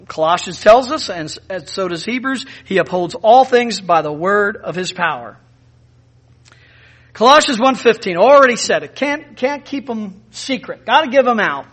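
A man preaching a sermon, emphatic, with big rises in pitch and volume, acting out the people he quotes. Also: a bit bright. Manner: acts out quoted speakers in scripture. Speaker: pastor.

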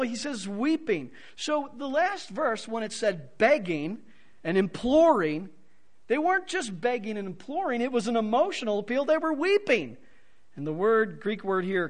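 A man preaching an expository sermon, swinging from soft to loud for emphasis. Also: high-pitched. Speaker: pastor.

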